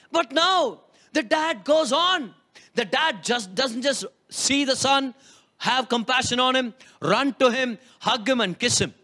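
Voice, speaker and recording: Pastor, high-pitched and emphatic sermon delivery. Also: male voice, pushed and bright. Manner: emphatic, rhetorical questions, repeats key lines.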